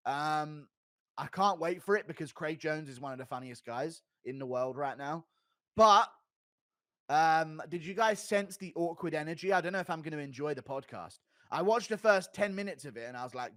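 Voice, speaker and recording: A man hosting a livestream, talking casually with viewers in a rambling, profane, increasingly excited way. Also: medium pitch, dry recording, studio quality. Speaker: livestream host reading donations.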